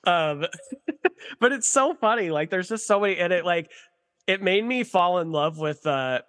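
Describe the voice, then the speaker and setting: A young man talking animatedly as a podcast guest, gushing in quick bursts. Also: high voice, animated, fairly bright tone, clean tone. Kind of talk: casual chat.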